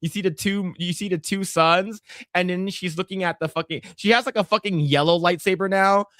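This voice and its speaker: A man co-hosting a podcast in casual chat, swearing often and acting out scenes in squeaky put-on voices. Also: fairly quick, a bit bright, dry recording, studio quality. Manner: profane, laughing, acts out scenes in high voices. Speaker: podcast co-host.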